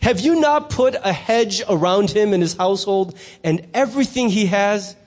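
A preacher putting on a sneering Satan. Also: male voice, sits high, moderate pace, a little mellow. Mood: scoffing. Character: scoffing cynical Satan, male adversary. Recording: long reverb in a hall.

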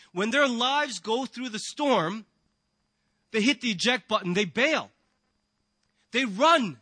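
A pastor delivers a sermon to his church congregation, his voice extremely high, bright and forceful on a dry recording. He is earnest and emphatic, frequently posing rhetorical questions.

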